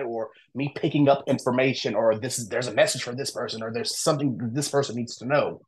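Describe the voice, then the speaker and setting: A man who is a guest on a podcast. He tells a personal story in a casual, candid way and keeps slipping into lively quoted dialogue. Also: mid-range voice, a little fast, hardly any pauses, slightly rough. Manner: animated, acts out quoted dialogue; candid, informal, with frequent fillers like "I'm like".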